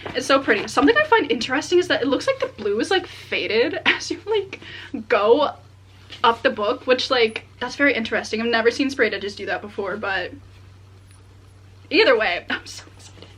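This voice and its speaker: A young adult woman vlogging casually as she unboxes books, excitable and chatty with many filler words. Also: fairly high pitch, normal speed, husky. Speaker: book vlogger.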